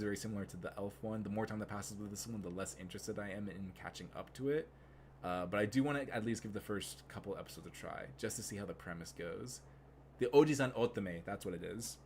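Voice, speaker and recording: A man's voice: fairly low pitch, a little hiss or hum. A young man streaming live, rambling casually with many fillers and restarts.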